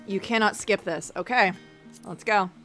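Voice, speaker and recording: A woman streamer chats casually over a game, in a playful and self-deprecating tone. Her voice sits at an ordinary middle pitch, and faint game music plays behind her. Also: moderate pace, fairly bright tone. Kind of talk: casual gaming commentary.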